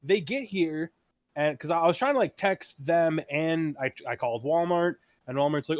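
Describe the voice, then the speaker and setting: A man's voice: fairly high pitch, moderate pace, no room sound. A young man co-hosting a casual podcast, telling stories in a laid-back way with casual swearing. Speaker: podcast co-host. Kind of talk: casual chat.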